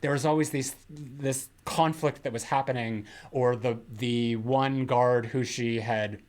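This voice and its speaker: A man's voice: mid-range voice, fairly even intonation, measured pace, darkish tone. An American man co-hosting a podcast, talking in long rambling thoughts full of "like" and restarts. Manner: rambling, many fillers and restarts. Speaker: podcast co-host. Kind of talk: casual chat.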